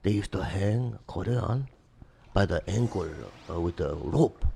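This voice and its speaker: A man's voice: unhurried, vocal fry, slight background noise. A man in his fifties, chatting casually and acting out stories with big swings in his voice. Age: 50s. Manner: animated storyteller, acts out voices with big pitch jumps. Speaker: podcast co-host. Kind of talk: casual comedic chat.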